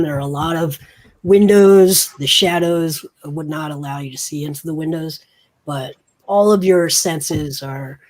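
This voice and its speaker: A game master narrating a tabletop game, slow and searching for words with many fillers. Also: mid-range voice, vocal fry, a little mellow.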